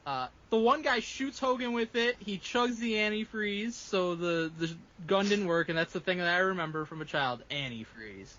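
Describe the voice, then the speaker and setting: A man's voice: high voice, normal speed, few pauses, bright, forceful tone, muffled recording. A man co-hosting a podcast, recapping a movie in casual, profane chat and laughing often. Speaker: podcast co-host recapping a film.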